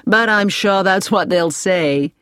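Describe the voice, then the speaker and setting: Woman voicing cheerful young american guy, friendly, calm, storybook. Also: lowish voice, normal speed, no room sound, clean studio sound, natural voice.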